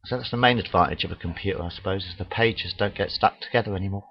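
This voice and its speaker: A man's voice: low voice, fast. A man telling crude jokes in a rambling, casual monologue into a webcam, full of "uh" fillers. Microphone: webcam mic. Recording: dull lo-fi webcam audio.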